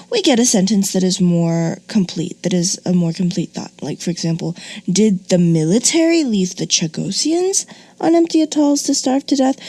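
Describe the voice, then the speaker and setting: A woman's voice: on the low side, mellow, no echo. A woman teaching a grammar lesson on video, talking expressively and asking playful rhetorical questions.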